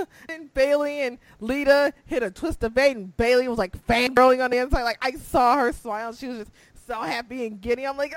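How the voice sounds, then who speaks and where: A young woman co-hosting a casual wrestling chat, excitable and laughing, swinging from low mumbles to squeals. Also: moderate pace, few pauses, no room sound. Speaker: podcast co-host.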